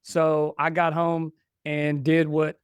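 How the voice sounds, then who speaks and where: A man's voice: fairly high pitch, completely flat delivery, slow, smooth, no echo, studio quality. A man in his forties, a podcast guest, telling family stories casually and acting out what was said back and forth. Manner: chatty, restarts and quotes himself. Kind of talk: casual storytelling.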